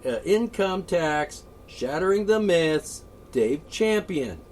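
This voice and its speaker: A man ranting off the cuff, profane and rambling, with frequent asides and throat-clearing. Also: on the high side, very animated, slow. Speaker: political ranter. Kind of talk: off-the-cuff solo rant. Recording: voice a bit far from the mic, faint ambient noise.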